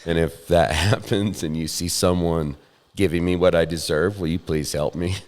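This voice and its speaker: A podcast host with a low, darkish voice tells a funny, self-deprecating story in casual chat, chuckling along the way. He speaks at a normal speed with fairly even intonation, and the recording is roomy with long reverb.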